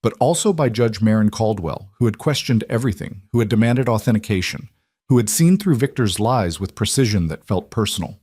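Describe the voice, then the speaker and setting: A man narrating a scripted drama story in a measured, even way. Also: lowish voice, husky, no room sound, studio quality.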